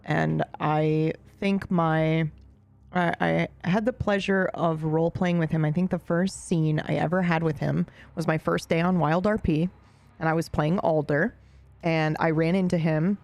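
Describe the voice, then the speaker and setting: Woman, casual chat, rambling and self-mocking, low gravelly tone. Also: fairly even intonation, a little slow, a little mellow. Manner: rambling, self-deprecating, fond. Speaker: roleplay streamer reflecting on a castmate.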